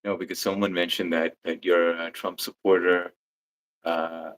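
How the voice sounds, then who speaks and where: A man with a very low voice co-hosting a livestream. He talks in an easygoing, agreeable way and reads viewers' comments aloud. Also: flat delivery, normal speed, fairly bright tone, low-quality recording. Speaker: livestream co-host. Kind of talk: casual livestream chat.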